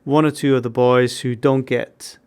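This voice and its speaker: A man gives measured football analysis on a podcast. His voice has a gravelly edge and an ordinary middle pitch. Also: level tone, darkish tone. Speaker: football pundit. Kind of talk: casual chat.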